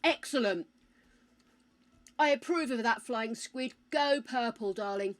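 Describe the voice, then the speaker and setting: In casual live-stream chat, this older woman from the UK plays a game, swears without restraint, and addresses viewers as darling. She speaks a little slowly, in a slightly high voice.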